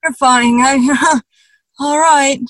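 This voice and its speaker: A woman's voice: high voice, steady tone, takes it slowly, a bit bright, no echo. A woman improvising a polite, naive Minnesotan boater who agrees to everything. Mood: nervous. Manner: overly agreeable, nervous laughs.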